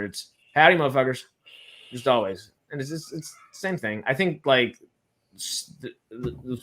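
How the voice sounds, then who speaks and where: Man, casual chat host, animated, swears freely, stumbles and restarts, mid pitch.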